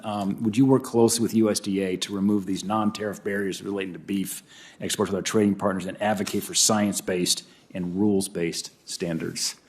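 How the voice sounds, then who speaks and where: A man, a senator, with a somewhat low voice questions a nominee at a formal hearing. He talks briskly, like someone pressed for time. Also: steady tone.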